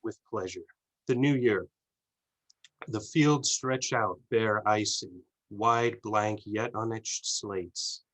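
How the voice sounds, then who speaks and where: Slow, low-voiced male poet. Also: fairly bright tone, low-quality recording. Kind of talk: reading his own poem aloud.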